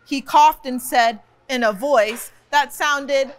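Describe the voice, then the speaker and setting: A woman reading a picture book aloud for a library storytime, playful and expressive. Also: high voice, slow, hardly any pauses, a little hiss or hum. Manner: playful, expressive, chatty asides.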